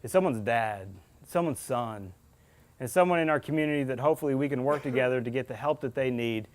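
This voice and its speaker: A man's voice: mid-range voice, quick pace. A man, a state police officer giving a public talk, telling stories in an earnest way and acting out the dialogue. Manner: earnest storyteller, acts out dialogue, speaks to the crowd directly. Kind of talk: public presentation to an audience.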